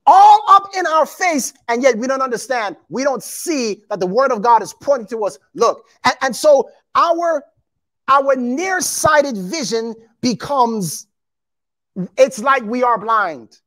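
A man preaching a sermon to his congregation, animated and emphatic, acting out quotes and calling out to the listeners. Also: very high-pitched, unhurried. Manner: addresses congregation as beloved and y'all.

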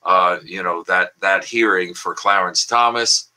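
An older man with a low, very bright and forceful voice, chatting over a video call. He rambles cheerfully through puns, with plenty of ums and uhs. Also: measured pace, rough recording. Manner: chatty, with frequent filler words and pun-laden asides. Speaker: language columnist and guest. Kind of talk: casual online wordplay talk.

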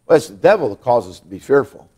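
A man preaching a sermon in a church, folksy and repetitive, often restarting his words and rising high and loud when he makes a point. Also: very animated, fast, husky. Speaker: pastor. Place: church auditorium.

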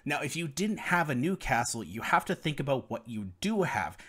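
A man's voice: mid-range voice, very animated, normal speed, a bit bright, husky. A young man commentating over gameplay footage, explaining strategy to viewers in a guide. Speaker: gaming guide creator.

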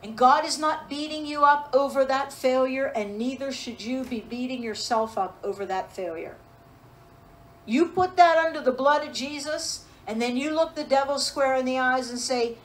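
Woman pastor preaching, high voice, emphatic, keeps asking the room questions. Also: normal speed, rough recording. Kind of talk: sermon.

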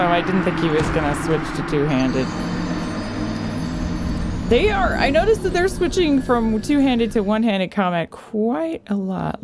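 Animated woman narrating her gameplay. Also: mid-range voice, noisy background. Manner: chatty, talks to the game and enemies, quick exclamations. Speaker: gamer streamer. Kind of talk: casual let's-play commentary.

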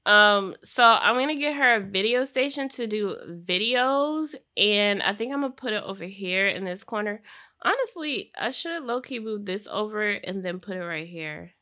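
Bright-voiced chatty young woman gaming. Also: medium pitch, expressive, normal speed. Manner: chatty, laughs often, slangy asides. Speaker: gaming streamer. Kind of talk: casual Sims gameplay commentary.

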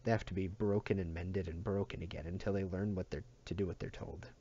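A man voicing a cruel grown keeper who speaks in a thin, soft, wheedling tone. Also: lowish voice, fast talker, highs cut off, natural voice.

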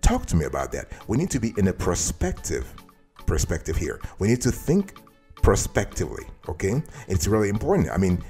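A man's voice: low-pitched, huge pitch swings, a little fast, dark tone, faint music behind. A man hosting a financial advice tutorial, speaking emphatically and addressing the viewer directly. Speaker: host giving financial advice.

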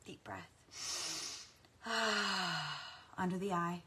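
A woman leads a guided tapping meditation, her voice low for a woman and her delivery unhurried and soft. She breathes out deep sighs between gentle affirmations. A faint hiss sits under the recording. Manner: slow, soft and soothing, with frequent deep sighs. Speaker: guided tapping practice leader.

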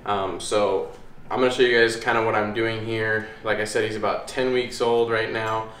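A man's voice: on the low side, flat delivery, moderate pace, a bit bright. A man hosting a casual how-to video at home, talking in an easygoing, rambling way with plenty of fillers. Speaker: dog trainer, channel host. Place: indoors at home by a hallway. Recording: echoey room, faint room noise.

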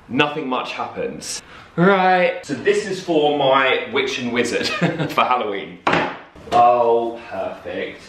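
A young man filming a casual vlog in his flat, gushing and excitable as he talks to viewers. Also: mid-range voice, far from the mic, a little hiss or hum. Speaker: vlogger. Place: flat, indoors. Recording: echoey room.

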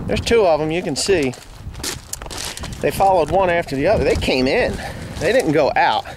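A furious farmer with a New Jersey accent rants out in his soybean field, swearing constantly. His voice sits a little high for a man. Light outdoor noise runs faintly under the handheld recording. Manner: furious, profane ranting. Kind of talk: angry vlog rant.

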